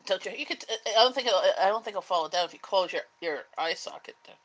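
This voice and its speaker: A woman hosting a casual livestream chat at home, gently giving directions. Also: mid-range voice, expressive, quick pace, poor audio. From Canada.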